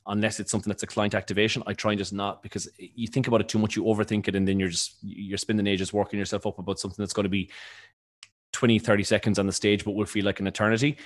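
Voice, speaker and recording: A man from County Limerick with a mild Irish accent, a radio presenter answering interview questions in a rambling, quick, self-correcting way. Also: on the low side. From Ireland, County Limerick. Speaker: radio presenter and stage co-host.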